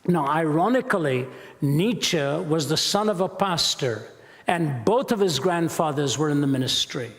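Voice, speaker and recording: An older man from India giving an emphatic, deliberate public lecture as a Christian apologist. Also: a little high, animated. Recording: long reverb of a large hall.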